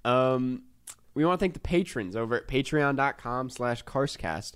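A man's voice: mid-range voice, animated, moderate pace, clean tone. A man co-hosting a casual podcast, talking loosely with lots of ums and laughs. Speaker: podcast co-host. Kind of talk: casual chat.

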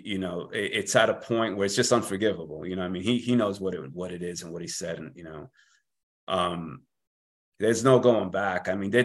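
A man with a New York accent and a lowish voice speaks as a podcast guest. He talks slowly and carefully and often repeats words as he finds them. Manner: measured, hesitant, with repeated words. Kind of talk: casual conversation.

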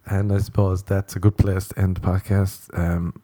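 A man's voice: low voice, flat delivery, normal speed, dark tone. A young man hosting a solo comedy podcast, telling a rambling, profane story and laughing as he goes. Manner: rambling, profane, laughs through his own stories. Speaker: podcast host.

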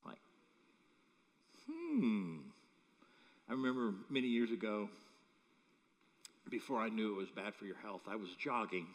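A man's voice: on the low side, unhurried, pauses often. A man preaching a sermon as pastor, telling humorous stories with chuckles. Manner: animated, humorous storytelling with chuckles. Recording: echoey hall.

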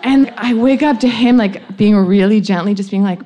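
A woman's voice: mid-range voice, moderate pace, few pauses, warm tone. A young adult woman frankly telling a personal anecdote in a chatty way, laughing often and saying "like" a lot. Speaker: storyteller.

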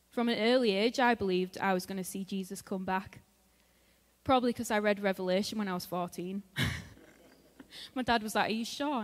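A woman giving a sermon in a church in a conversational way, laughing often and acting out what her friends said. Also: medium pitch. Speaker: preacher. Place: church hall. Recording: long hall reverb.

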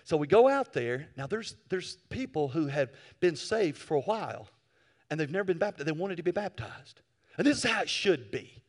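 A male pastor preaching a sermon, telling stories with animated swings from quiet asides to loud bursts. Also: on the high side, normal speed.

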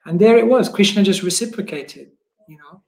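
A man's voice: high-pitched, normal speed, creaky. A man with a British accent, a monk telling stories as a guest in a casual interview, with many fillers. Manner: animated storyteller with many fillers and laughs. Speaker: guest, monk and book distributor. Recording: echoey room.

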